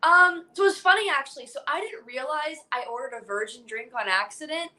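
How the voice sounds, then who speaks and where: A young woman telling a story in casual chat, animated and laughing, acting out other people's lines. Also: sits high, brisk. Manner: animated, laughing, acts out quotes. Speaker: guest.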